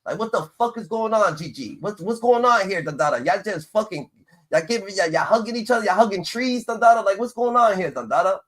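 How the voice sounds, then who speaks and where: Brief: male streamer, a bit high-pitched, profane mocking rant, chant-like filler. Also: animated, a little fast, fairly bright tone. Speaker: streamer reacting to clips. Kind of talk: ranting reaction commentary.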